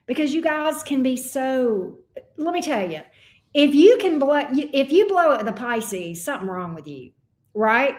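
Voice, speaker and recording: A middle-aged woman does a casual tarot reading, speaking bluntly, swearing freely, and sprinkling in plenty of folksy sayings. Her high-sitting voice is very animated but unhurried, in the manner of a laid-back astrology reading chat.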